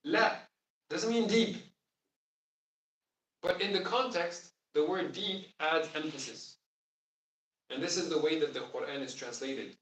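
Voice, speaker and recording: Here the teacher talks a little slowly, leaving long pauses, his voice slightly high and a bit bright. In this classroom lesson on Quranic Arabic he explains things patiently and asks his students questions, captured from far off in a roomy room.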